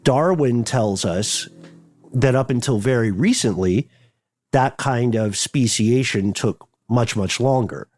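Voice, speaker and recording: A man co-hosting a podcast, thoughtful and digressive, building his points slowly with restarts. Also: mid-range voice, expressive, a little mellow. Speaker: podcast co-host. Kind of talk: casual podcast chat.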